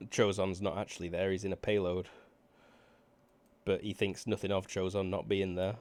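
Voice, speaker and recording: A man running a tabletop role-playing game as game master, relaxed and often stumbling over his words. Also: low-pitched, normal speed.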